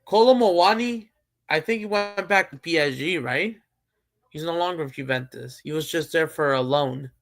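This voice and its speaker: A man's voice: fairly high pitch, normal speed, gravelly, a bit bright. A man hosting a live stream, chatting casually about football and thinking aloud with many fillers and restarts. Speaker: streamer host.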